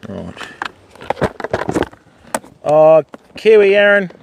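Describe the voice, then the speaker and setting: A man's voice: fairly high pitch, very animated, extremely slow, creaky, background noise. An older man hosting a fishing livestream by a river, chatting casually and greeting viewers by name. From Australia. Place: outdoors by a river.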